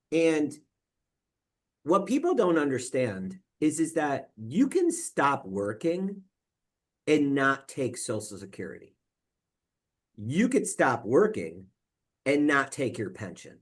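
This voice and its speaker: A young man gives a conversational talk on retirement planning to an audience of local officials. He leans on personal stories, acts out quoted exchanges, and often restarts his phrases. His voice sits at an ordinary middle pitch. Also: big pitch swings, slow. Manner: frequent fillers and repeated words. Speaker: financial advisor presenting to municipal officials. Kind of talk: conference presentation talk.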